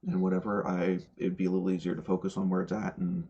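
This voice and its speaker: Low-voiced rambling man, lo-fi stream. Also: completely flat delivery, quick pace, vocal fry, warm tone, breathy edge. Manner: rambling, stumbles and repeats words. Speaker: podcast host. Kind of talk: casual livestream chat. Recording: dull lo-fi stream audio.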